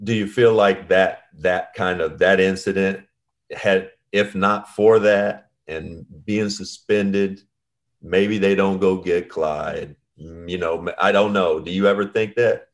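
A man hosting a casual interview, mostly offering brief, soft-spoken, supportive remarks. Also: deep voice, fairly even intonation, slow. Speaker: podcast host.

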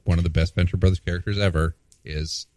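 A man's voice: low voice, steady tone, fast talker, darkish tone, dry recording. A man co-hosting a comic radio show, giving mock-grand announcements and rambling explanations. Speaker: radio co-host.

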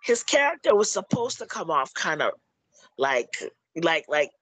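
A man's voice: on the high side, very animated, a little slow, a bit bright, dry recording, rough recording. A man talking about the movie he made in a casual chat, rambling with lots of "you know" and restarts. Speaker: filmmaker discussing his movie.

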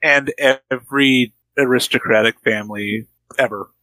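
A man's voice: medium pitch, moderate pace, sharp tone, dry recording, low-quality recording. A man co-hosting a podcast, making crude wisecracks in casual film-review chat. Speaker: podcast co-host.

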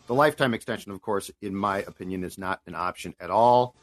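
A man's voice: low voice, fast talker. A man co-hosting a casual sports talk show, giving his picks plainly with many restarts. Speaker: co-host.

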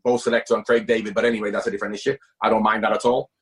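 A man's voice: on the low side, little pitch movement, very fast. A middle-aged man, a former football manager, talking at length as an interview guest, emphatic and repeating himself for stress. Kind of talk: casual interview talk.

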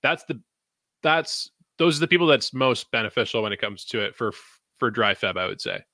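A man's voice: medium pitch, lively intonation, normal speed, bright, forceful tone, no echo. A man hosting a podcast, chatting loosely and swearing, with many restarts. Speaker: podcast host. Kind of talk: casual profane chat.

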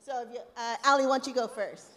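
A woman hosts a live podcast with gushing enthusiasm. Her voice sits high, and the sound rings with the long reverb of a large hall. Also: fast, fairly bright tone. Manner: enthusiastic, gushing, Southern "y'all". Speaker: podcast host. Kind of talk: casual live podcast chat. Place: live event hall with audience.

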